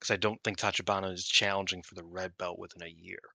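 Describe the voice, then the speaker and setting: Bright-voiced man rambling casually. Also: sits low, little pitch movement, fast, gravelly, no room sound. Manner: rambling, full of fillers and swearing. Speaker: podcast co-host. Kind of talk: casual chat.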